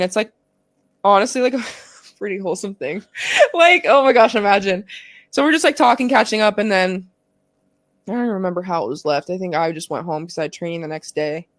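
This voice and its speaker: A woman's voice: mid-range voice, dry recording. Candid young woman telling her story. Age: 20s. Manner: candid, profane, fillers of "like", emotional retelling. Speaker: guest, pro soccer player. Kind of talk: casual podcast storytelling.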